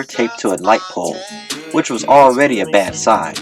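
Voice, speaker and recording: A man narrating a comedy audiobook with deadpan comic timing on a close mic. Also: fairly low pitch, moderate pace, over music.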